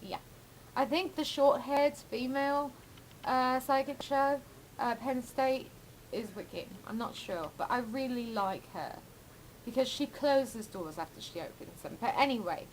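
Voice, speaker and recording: A woman's voice: sits high, measured pace, slight background noise, poor audio. A woman vlogging in a rambling, profane, giggly way, jittery from too much coffee. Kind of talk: casual rambling chat.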